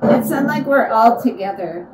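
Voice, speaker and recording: A woman's voice: on the high side, animated, moderate pace, darkish tone. A woman working as a paranormal investigator, earnestly asking questions aloud and repeating the phrases she hears during a spirit box session. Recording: echoey, distant, noisy room.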